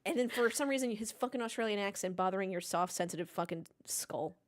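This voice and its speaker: A woman's voice: mid-range voice, quick pace. A woman co-hosting a podcast in casual chat, blunt and swearing freely. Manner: blunt, profane and animated. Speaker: podcast co-host.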